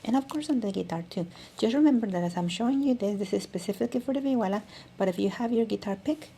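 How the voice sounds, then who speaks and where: A woman's voice: mid-range voice, fast talker, vocal fry. A woman teaching a music lesson, demonstrating as she talks and often restarting her sentences. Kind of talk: instructional video lesson.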